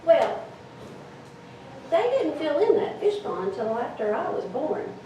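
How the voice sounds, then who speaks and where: A woman telling a story live on stage, with an animated, dramatic delivery. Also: high-pitched, takes it slowly. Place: event hall with audience. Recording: echoey hall, distant mic, noisy.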